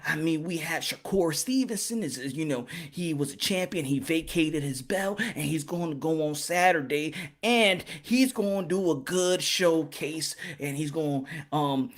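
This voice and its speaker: A man putting on a calm, soft-spoken preacher's tone for a mock-polite boxing rundown, hushed and low-energy. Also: close to an everyday voice.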